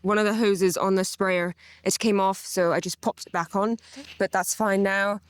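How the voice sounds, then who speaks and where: A young woman chatting in a relaxed, joking way for a farm vlog. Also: medium pitch, moderate pace, clean tone, dry recording. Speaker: farm vlogger. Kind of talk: casual chat.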